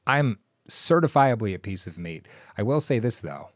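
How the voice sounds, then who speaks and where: A man's voice: fairly low pitch, sing-song, moderate pace, no echo. A man co-hosting a relationship podcast in casual chat, joking and boastful, rambling with lots of fillers. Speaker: podcast co-host.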